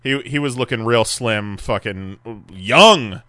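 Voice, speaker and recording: A man's voice: medium pitch, slow pace, bright, forceful tone, no room sound, studio quality. A man co-hosting a podcast in casual chat, rambling with many fillers and restarts. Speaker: podcast host.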